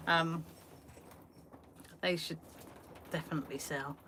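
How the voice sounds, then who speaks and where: A woman's voice: low-pitched, fairly even intonation, slow pace. A woman hosting an art live stream from a small shed studio, chatting casually and laughing at herself. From England. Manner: chatty, self-deprecating, rambling with fillers. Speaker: art livestream host. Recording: faint background noise.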